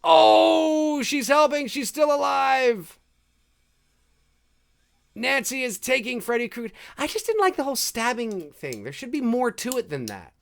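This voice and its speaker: A man's voice: extremely high pitch, expressive, a little slow, vocal fry. A man hosting a live movie commentary, chatting casually and joking about the scenes as they play. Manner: chatty, jokey, reacting with laughs and mock quotes.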